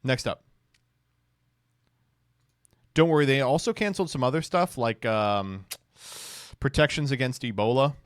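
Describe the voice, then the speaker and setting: A man doing casual commentary on a stream, reacting to clips with deadpan sarcasm and mock enthusiasm. His voice sits in a middle pitch. It is recorded close and dry, with no room sound. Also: unhurried, pauses often, dry recording.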